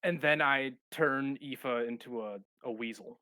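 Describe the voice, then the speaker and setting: A man playing a tabletop role-playing game, narrating his character's actions in a halting way, with many fillers. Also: mid-range voice, a crowd in the background. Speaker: player.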